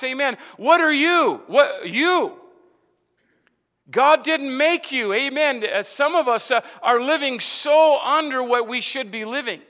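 A man's voice: very high voice, pushed and bright, big-room sound. A man preaching a sermon in a loose, conversational way, sprinkling "amen" and repeating words as he works through his point. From Arizona, USA. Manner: preaching with frequent "amen" fillers and repetitions. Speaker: pastor.

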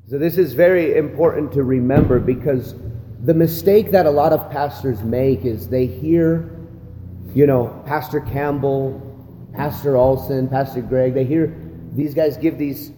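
Pastor, male, warm low-key delivery, chatty church-leadership lesson; long hall reverb, slight room hiss. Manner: conversational, repeats "right?" and "again". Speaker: pastor training other pastors. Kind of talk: church leadership teaching talk. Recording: long hall reverb, faint ambient noise.

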